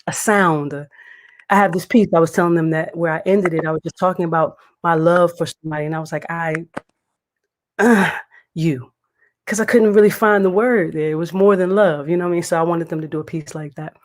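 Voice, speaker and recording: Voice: medium pitch, fairly quick. Laid-back open mic host. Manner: laid-back, repeats words like "indeed" and "dope". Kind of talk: casual chat.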